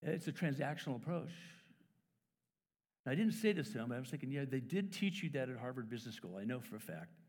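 A man's voice: mid-range voice, fast. Man, pastor, sermon, storytelling, mid-range voice, long church reverb. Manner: storytelling, acts out dialogue with lively shifts. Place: church sanctuary.

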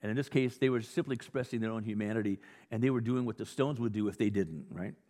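A male pastor preaching a sermon in a conversational, animated teaching style with frequent restarts. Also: on the low side, fast talker. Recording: long hall reverb.

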